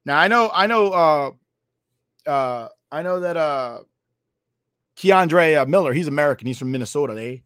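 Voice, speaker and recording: Lively, animated young man bantering. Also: fairly high pitch, moderate pace, long pauses, no echo, clean studio sound. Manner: profane, argumentative banter. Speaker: podcast co-host. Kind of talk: casual sports chat.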